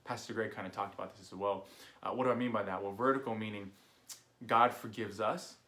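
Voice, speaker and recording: A man's voice: fairly low pitch, fairly even intonation, a little fast, pushed and bright. Man giving a casual sermon recap. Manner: casual storytelling with fillers, acts out quoted voices. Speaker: youth director.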